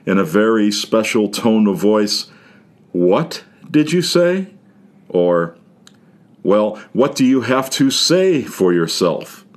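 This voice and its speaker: A man preaching a sermon in a measured, wry storytelling manner. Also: on the low side.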